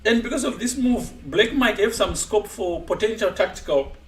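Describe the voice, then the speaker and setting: A man coaching chess on a live stream, explaining moves in an animated way and laughing often. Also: high-pitched, normal speed, reverberant, far from the mic.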